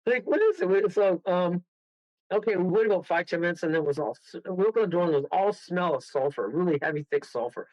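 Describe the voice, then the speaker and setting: A man from Toronto, a guest medium, telling a rambling, excitable story with bursts of laughter. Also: high voice, fast talker, no echo. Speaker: guest medium and paranormal investigator. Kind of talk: casual storytelling on a radio call. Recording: dull lo-fi radio audio.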